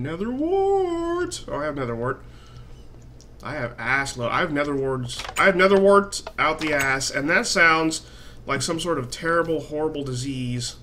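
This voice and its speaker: A man's voice: mid-range voice, pushed and bright, a little hiss or hum. A man casually narrating his own gameplay, rambling and swearing freely with a self-mocking streak. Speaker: gaming channel host. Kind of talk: casual let's-play commentary.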